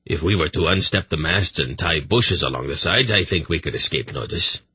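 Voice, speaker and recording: A man voicing a wary, deferential male sea captain in a low gruff voice in an audiobook. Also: animated, moderate pace, pushed and bright, no echo, heavily acted.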